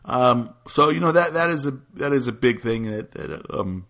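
A man's voice: medium pitch, animated, moderate pace, crowd noise. A man chatting casually as a podcast host, telling a rambling story with many restarts and frequent laughs. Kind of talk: casual chat.

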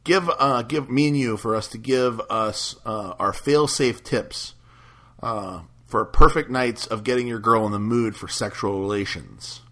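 A man co-hosting a casual podcast, easygoing, often laughing along and pausing on fillers. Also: mid-range voice, fairly bright tone. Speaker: podcast co-host.

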